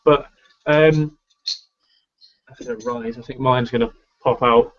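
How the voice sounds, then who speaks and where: A man's voice: mid-range voice, steady tone, slow pace, lo-fi sound. A man chatting as a guest at a beer tasting, hesitant and often correcting himself. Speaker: guest co-taster. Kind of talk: casual beer tasting chat.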